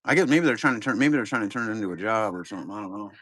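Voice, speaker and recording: A man's voice: lowish voice, animated, very fast, a bit bright, no room sound, clean studio sound. A middle-aged man, casually rambling to chat viewers while opening card boxes on a live stream. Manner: rambling, laid-back, talks to chat viewers.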